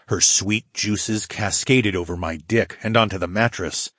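A man narrating a fantasy audiobook in the first person, with a steady, low growling delivery. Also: unhurried, no echo, clean studio sound.

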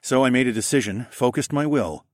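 A man's voice: medium pitch, a little fast, no room sound, studio quality. A man narrating a first-person fantasy audiobook expressively, acting out the dialogue.

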